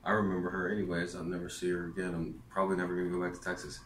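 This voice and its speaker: A man's voice: low voice, flat delivery, rapid-fire, a bit bright, roomy sound, a little hiss or hum. A man telling a rambling personal story in a vlog rant, meandering with lots of fillers and restarts. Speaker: vlogger.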